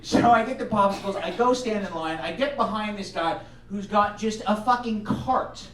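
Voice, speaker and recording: A man's voice: high voice, normal speed, a bit bright. A man from the United States doing a stand-up comedy set, swearing freely and rambling, laughing at his own lines as he goes. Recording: roomy sound picked up from a distance.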